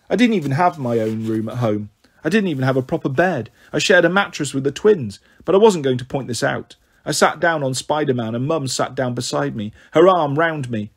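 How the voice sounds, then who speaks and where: A man reading a children's novel aloud in steady, plain storytelling with a husky voice. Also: mid-range voice, normal speed. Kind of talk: audiobook narration.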